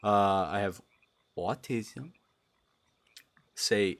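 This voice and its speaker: A young man from Brazil chatting on a livestream, sleep deprived, giggly and rambling, dropping to mumbles and jumping to loud yelps. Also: medium pitch, big pitch swings, a little slow. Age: young adult. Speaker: streamer. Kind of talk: casual livestream chat.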